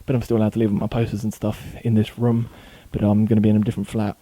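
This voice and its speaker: Guy in his bedroom, super deep mellow voice, rattling through a list w little slip-ups. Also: completely flat delivery, no echo. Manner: rattles off titles quickly with small slips and self-corrections. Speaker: video blogger. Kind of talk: casual vlog, reading out a long list.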